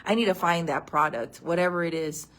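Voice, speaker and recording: A woman's voice: lowish voice, fairly quick, fairly bright tone. A woman chatting casually on a livestream, telling a story and calling her viewers friends. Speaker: vlog host. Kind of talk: casual livestream chat reading comments.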